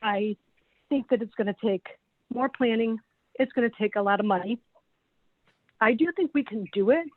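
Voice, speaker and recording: A woman's voice: a little high, moderate pace, pauses often, no echo. A middle-aged woman, a special education teacher, giving an earnest, emotional public comment at a meeting, close to tears. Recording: tinny call-in line, dry.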